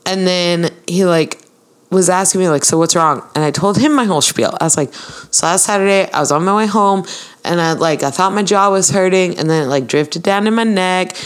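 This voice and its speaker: Woman podcaster rambling thru a story, lowish voice, does all the voices. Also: fairly quick. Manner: chatty storyteller acting out quoted dialogue. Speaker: podcast co-host. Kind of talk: casual chat, storytelling.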